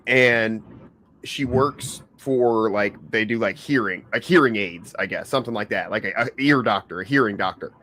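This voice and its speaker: A man's voice: on the low side, normal speed, sharp tone, slight background noise. A man hosting a casual livestream podcast, laid-back and swearing freely as he rambles through stories. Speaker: podcast host.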